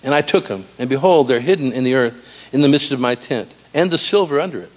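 A man preaching a sermon in a church, animated and storytelling with humor. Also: mid-range voice, fast. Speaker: pastor. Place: church sanctuary.

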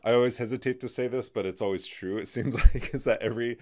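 A man hosting a podcast, talking through ideas in a halting way, full of fillers and restarts. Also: medium pitch, steady tone, a little mellow. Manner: halting, many "you know" fillers and restarts. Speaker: podcast host. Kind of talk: in-depth conversational discussion.

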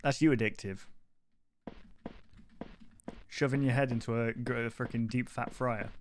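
A man's voice: medium pitch, fairly even intonation, a little slow, background noise. A man live-streaming a game, rambling and easily sidetracked, swearing often. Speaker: gaming streamer. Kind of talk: live-stream gameplay commentary.

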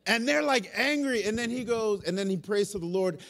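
A male pastor, preaching an animated, storytelling sermon in a church. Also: sits high, normal speed. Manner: animated, storytelling, self-aware asides. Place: church sanctuary.

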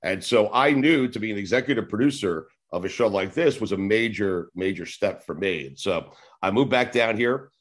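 A man's voice: fairly low pitch, lively intonation, normal speed. A man in his forties from New York, a sports radio host telling long rambling stories in a casual interview, swearing now and then. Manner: rambling, acts out old conversations, swears casually.

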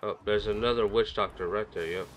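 A man's voice: on the low side, fairly even intonation, a little fast, background noise. A man casually commenting on his own gameplay in a rambling, chatty way, with his microphone set a little way off. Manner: chatty, rambling, talks to himself. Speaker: gaming video creator. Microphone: desk microphone set a little far away. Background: game music.

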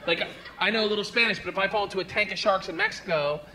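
A man performing a stand-up comedy routine on stage, telling stories loudly and with lots of energy. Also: sits high, quick pace. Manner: loud, animated storytelling. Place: comedy stage before a live audience. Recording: live stand-up with loud crowd noise.

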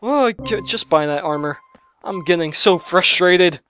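A young man giving excitable gameplay commentary on his own gaming channel, shouting and yelping at the game between quick chatter. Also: sits high, clear, resonant tone. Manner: loud, yelps and shouts at the game. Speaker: let's play gamer. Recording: lo-fi restored audio.

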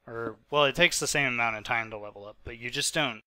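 Sick guy in his 20s rambling over his game footage, super bright voice, dead dry mic. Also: mid-range voice, fast, no echo. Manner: rambling, chatty, full of fillers. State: sick, hiccuping. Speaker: gaming channel host. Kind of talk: casual post-recorded gameplay commentary.

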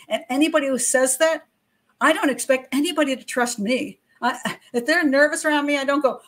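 High and fairly quick, with a fairly bright tone, this older woman's voice carries her true-crime commentary. She's a criminal profiler and channel host who speaks plainly to her viewers, voicing strong opinions through casual asides and rhetorical questions.

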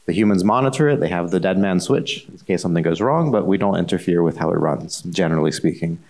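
A man answering on a conference panel, measured and explanatory. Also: low voice, a little mellow. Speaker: panelist, bank digital officer.

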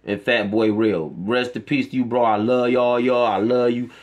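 In a moderate-paced, mid-range voice with fairly even intonation, a vlogger gives an emotional to-camera monologue. He's impassioned and profane, preaching his point to viewers again and again.

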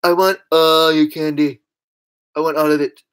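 A woman voicing a pushy male trick-or-treater who bluntly demands candy in a lowered voice. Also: level tone, normal speed, clean tone, natural voice.

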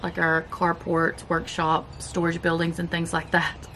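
Chatty southern woman vlogger, lowish voice, laid-back snack review, a little hiss behind. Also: monotone, a little slow, a bit bright. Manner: chatty, laid-back, talks while chewing. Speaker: keto vlogger. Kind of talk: casual chat, food review.

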